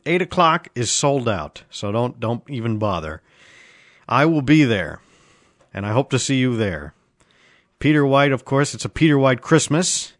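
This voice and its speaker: Guy dj on jazz web radio, chatty, jokey little asides, soft music under him. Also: medium pitch, dry recording, clean studio sound. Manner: chatty, self-deprecating asides. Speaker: radio DJ host. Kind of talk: casual radio DJ patter.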